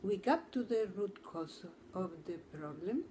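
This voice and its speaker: Casting: woman therapist, slow and deliberate, mid-pitched, earnest storyteller. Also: big pitch swings, mellow, slight background noise. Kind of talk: talk to camera.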